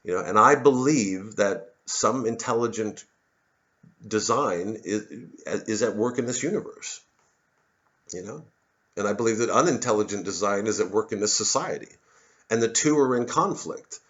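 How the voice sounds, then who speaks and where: A man's voice: lowish voice, expressive, normal speed, fairly bright tone, dull audio. A man, a satirist, delivering a rambling, sardonic monologue full of swearing. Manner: sardonic, swearing, mocks others in put-on voices. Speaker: comedian and satirist.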